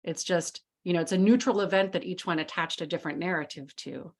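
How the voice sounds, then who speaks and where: Briskly and in a lowish voice, a woman hosts a mastermind group's casual video-call discussion. She chats freely, laughs easily, and leans heavily on fillers like "like" and "you know."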